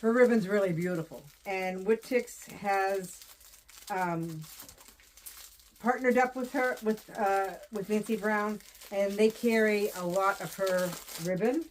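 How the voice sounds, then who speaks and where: A woman's voice: mid-range voice, slow, a little hiss or hum. A woman from Southern New Hampshire, chatting casually as she unboxes wreath ribbon, rambling and repeating her phrases. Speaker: wreath designer and vlogger.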